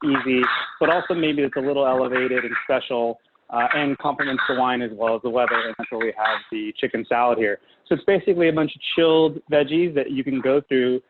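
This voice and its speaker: Guest chef, man, from California, casual and filler-heavy; thin phone-like audio. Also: medium pitch. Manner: chatty, filler-heavy, enthusiastic. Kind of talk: casual video-call chat. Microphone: video call. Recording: tinny video-call audio, faint hiss.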